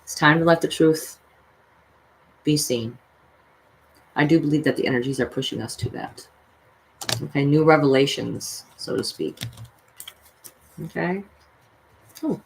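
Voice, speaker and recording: A woman's voice: low-pitched, a little slow, gravelly, long pauses, a little hiss or hum. Earnest woman vlogger chatting to viewers. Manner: earnest, addresses viewers directly; swears freely when worked up. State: mother of six children. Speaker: tarot reader and vlogger. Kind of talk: casual livestream chat.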